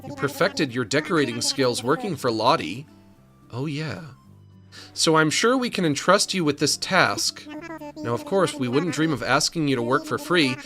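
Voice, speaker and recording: A polished raccoon businessman speaks in a genteel, courteous way. A man voices him, with a bright tone, lively pitch and faint music behind. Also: moderate pace. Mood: genial. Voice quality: genteel, smooth salesman manner. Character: polite, businesslike male raccoon shopkeeper.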